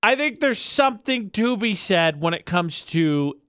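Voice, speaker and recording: A man's voice: high-pitched, animated, measured pace, a bit bright, dry recording. A man in his thirties co-hosting a morning radio show, bantering in a jokey, rambling, playfully indignant way from a radio studio. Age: 30s.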